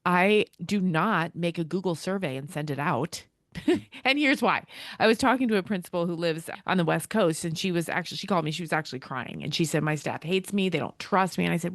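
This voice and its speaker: A woman's voice: lowish voice, brisk, no room sound, clean studio sound. A middle-aged American woman, a school leader, talking as a podcast guest and acting out quoted dialogue in her stories. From United States. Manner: animated storyteller, acts out quoted dialogue. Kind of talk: casual interview talk.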